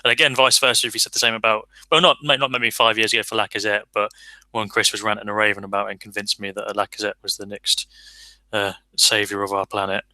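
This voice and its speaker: A man's voice: fairly low pitch, little pitch movement, quick pace, sharp tone, no echo, poor audio. A man co-hosting a football podcast, rambling in a casual, self-deprecating and enthusiastic way. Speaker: podcast co-host. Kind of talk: casual chat.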